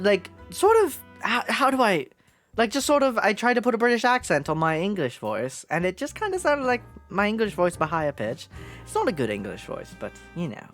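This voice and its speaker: A young woman streaming a game live, reacting excitably and swearing freely while reading along. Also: fairly low pitch.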